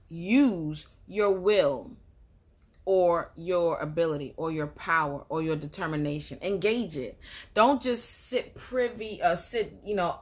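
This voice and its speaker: A woman's voice: fairly low pitch, a bit bright. A woman life coach giving a motivational talk, emphatic and repetitive, asking rhetorical questions and answering them.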